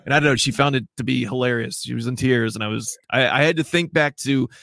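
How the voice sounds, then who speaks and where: A man's voice: mid-range voice, fast, gravelly, fairly bright tone, dry recording, studio quality. A man co-hosting a casual podcast chat, rambling through stories and laughing often as he retells movie moments. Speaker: podcast co-host.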